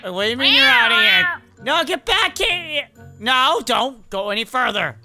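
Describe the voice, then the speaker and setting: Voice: mid-range voice, big pitch swings, a little slow, bright, forceful tone, faint music behind, full character voice. Someone voicing an exasperated animatronic fox. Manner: exasperated, exclaiming, scolding. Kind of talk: fan game role-play.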